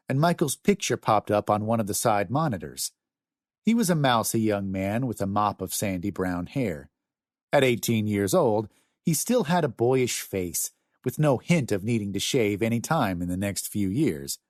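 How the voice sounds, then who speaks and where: Brief: male audiobook narrator, expressive, deep-ish, dry studio sound. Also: moderate pace, no room sound.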